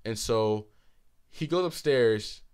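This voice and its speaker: A man in his twenties co-hosting a podcast, telling a story animatedly with frequent laughter and swearing, a bit hoarse. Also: medium pitch, animated, slow pace, a little mellow. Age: 20s. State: hoarse throat. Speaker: podcast co-host. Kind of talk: casual chat.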